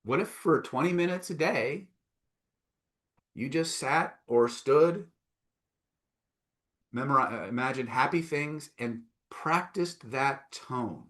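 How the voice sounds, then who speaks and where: Guy running a live self-help class online, mid-pitched, keeps asking "right?" and gets loud on the big points. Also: expressive, slow, long pauses. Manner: coaxing, repeats "right?" and "okay?", reads out chat replies. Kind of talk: live online training session.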